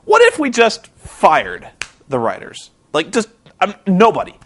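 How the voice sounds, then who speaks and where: A man's voice: sits high, wildly swooping pitch, a little slow, a bit bright. Exasperated, sarcastic man vlogging. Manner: exasperated, sarcastic, rambling with restarts. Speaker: vlogger reviewing a wrestling show. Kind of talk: rambling commentary vlog.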